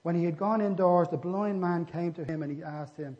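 This man's voice sits a little high, and he talks a little fast with few pauses. He is preaching, recounting scripture stories and performing the dialogue, recorded in an echoey hall with dull, lo-fi audio.

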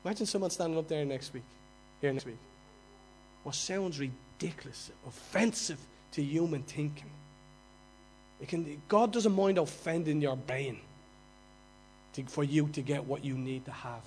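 A man with a Dublin accent preaching a sermon, moving from quiet, conversational asides to loud, mocking outbursts. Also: mid-range voice, moderate pace, soft background music, low-quality recording. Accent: Dublin Irish. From Dublin, Ireland.

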